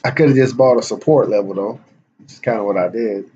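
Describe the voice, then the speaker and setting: A man's voice: fairly low pitch, fast talker, mellow, a little hiss or hum. Slangy man narrating his trades. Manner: slangy, repeats and restarts words. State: losing his voice. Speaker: day trader and channel host. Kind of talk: casual trading commentary. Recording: dull lo-fi recording.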